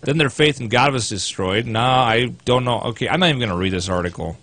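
A man's voice: medium pitch, lively intonation, fast talker, a bit bright, dry recording. A man co-hosting a casual talk show, reading news articles aloud with sarcastic asides. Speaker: co-host.

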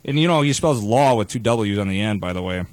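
A man's voice: on the low side, expressive, fairly quick, no room sound. A man hosting a live radio show in a studio, talking in a wordy, playfully pompous way with casual banter.

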